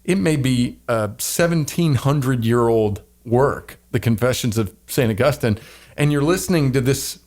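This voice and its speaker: A middle-aged man with a faint Southern lilt talks at a moderate pitch, rambling and circling back on his thoughts. He trades jokes with his co-host in a loose, casual podcast chat. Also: a little slow, darkish tone. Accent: light Southern American. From American South. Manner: rambling, self-interrupting, joking.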